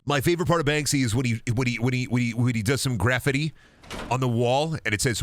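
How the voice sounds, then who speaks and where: A man's voice: lowish voice, fast, a bit bright. A man streaming a game, rambling and joking crudely with lots of swearing. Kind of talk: casual gaming stream chatter.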